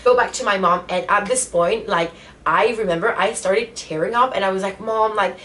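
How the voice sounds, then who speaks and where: A woman's voice: medium pitch, brisk, a bit bright. A woman vlogger telling a personal story in a casual storytime vlog, emotional and full of fillers. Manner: emotional retelling, many fillers.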